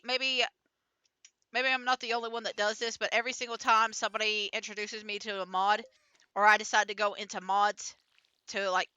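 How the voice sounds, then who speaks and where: Bright-voiced rambling woman streamer. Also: medium pitch, smooth, no echo. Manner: rambling, many fillers and restarts, giggly. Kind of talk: casual gameplay commentary.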